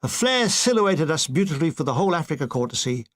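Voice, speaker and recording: A man reads a comic war memoir with dry, deadpan timing. His voice sits a little high for a man. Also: fast. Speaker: audiobook reader.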